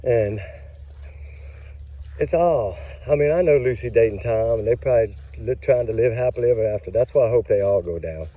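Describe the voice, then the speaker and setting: A man's voice: medium pitch, a little fast, warm tone, low-quality recording. A man, out of breath and tired, ranting angrily in casual commentary about a case. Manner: heated, ranting, emphatic. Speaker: true crime commentator.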